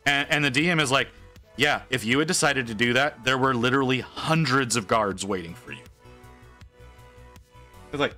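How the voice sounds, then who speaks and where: A man casually telling an animated, wry story while painting on a stream, with lots of restarts. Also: mid-range voice, normal speed, soft background music.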